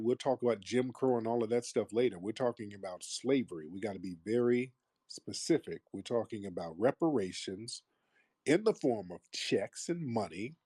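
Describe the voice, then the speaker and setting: A man's voice: medium pitch, mellow, dry recording, clean studio sound. A man hosting a call-in talk show, blunt and combative, mocking his callers. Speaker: host.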